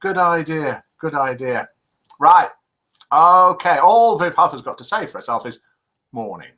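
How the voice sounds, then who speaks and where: A man's voice: a little high, expressive, a little slow, sharp tone, rough recording. A man over fifty hosting a live online chat show, chatty and teasing as he reads out viewer comments. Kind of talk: casual live-stream chat reading out messages.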